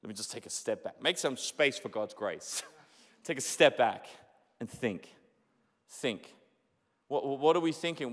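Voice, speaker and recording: A young man preaching a sermon as pastor, animated and conversational, repeating his points with many rhetorical questions. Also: mid-range voice, a little slow, pauses often. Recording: echoey hall.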